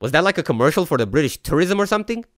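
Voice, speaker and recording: A man's voice: on the high side, big pitch swings, racing, heavy background noise. A man narrating a comedic movie recap with sarcastic, jokey asides.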